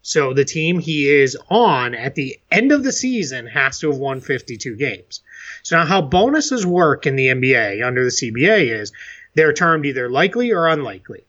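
Man, podcast co-host, casual chat, mid-pitched voice, explains step by step, dull lo-fi recording. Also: very animated, moderate pace, fairly bright tone. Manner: explains contract details step by step. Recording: dull lo-fi sound.

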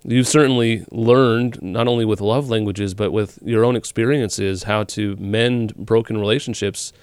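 Thoughtful low-voiced radio host. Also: male voice, fairly even intonation, darkish tone, clean tone, dry recording. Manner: measured, thoughtful, halting phrasing. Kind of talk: interview question.

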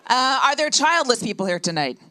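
A woman's voice: high-pitched, fairly quick, noisy background. Dry stand-up comedian woman on stage. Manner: dry, deadpan punchlines. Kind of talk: stand-up set.

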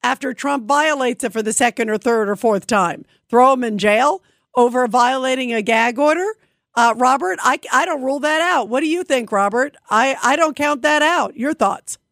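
A woman's voice: high-pitched, moderate pace, fairly bright tone, no room sound, clean studio sound. A woman hosting a political call-in radio show, emphatic and opinionated, often stumbling over her first word. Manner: emphatic and opinionated, with frequent stutter-starts. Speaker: radio talk show host.

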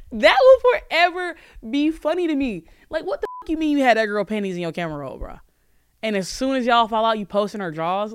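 A young woman hosting a podcast, swinging between bits and advice with loud, profane, joking energy. Her voice sits a touch high and comes through smooth and clear. The sound is close and dry. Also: dry recording. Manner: animated, profane, joking rants. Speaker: podcast host. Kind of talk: casual podcast chat answering calls.

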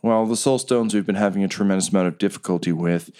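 A man's voice: on the low side, quick pace, mellow, clear, resonant tone. A man running a tabletop role-playing game as game master, narrating in a loose, jokey way.

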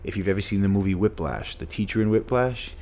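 Deep-voiced man telling an emphatic story. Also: quick pace, darkish tone, a little hiss or hum. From Massachusetts. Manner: emphatic, repeats phrases for punch. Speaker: podcast guest, former football player. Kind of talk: storytelling in a podcast conversation.

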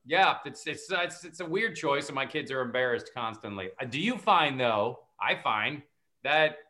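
Bright-voiced joking man. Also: mid-range voice, expressive, moderate pace. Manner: joking, self-mocking. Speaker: guest, actor and comedian. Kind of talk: casual chat.

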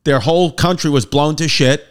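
A man hosting a comedic history lesson, joking and swearing, with sudden loud bursts. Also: on the high side, moderate pace. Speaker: comedian host of a history show.

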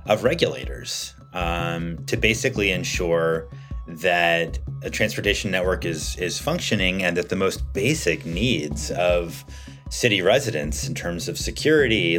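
Male guest expert, very low voice, casual explainer who thinks aloud, faint music bed. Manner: thinking aloud with fillers and restarts, animated when retelling. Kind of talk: conversational interview answers.

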